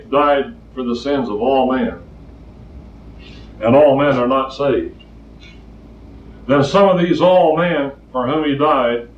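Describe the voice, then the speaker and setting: An older man preaching a plainspoken sermon, telling stories and hammering points with repetition. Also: medium pitch. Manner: plainspoken, storytelling, emphatic repetition. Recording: distant roomy lo-fi recording.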